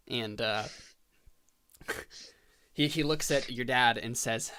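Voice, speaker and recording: A man narrating as game master in a tabletop role-playing game, halting and filling pauses as he describes scenes. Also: medium pitch, lively intonation, gravelly, sharp tone. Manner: halting, full of fillers and restarts.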